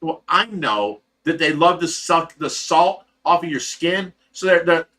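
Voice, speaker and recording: A man's voice: a little high, lively intonation, measured pace, bright, forceful tone. A man hosting a fish rescue livestream, telling stories casually to his chat with laughter. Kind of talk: casual storytelling to a live chat.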